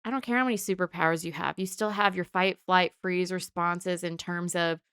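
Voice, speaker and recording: Woman podcast co-host, analytical and reflective, smooth clear voice, dry close sound. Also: on the low side, steady tone, a little fast, a bit bright, no echo. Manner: thoughtful, analytical, with restarts. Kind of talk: casual discussion of comics and psychology.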